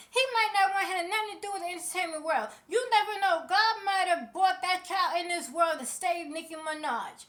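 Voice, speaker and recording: High-pitched female vlogger, heated celebrity commentary, sassy and outspoken. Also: lively intonation, normal speed, few pauses, fairly bright tone. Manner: passionate, sassy, speaks straight to people.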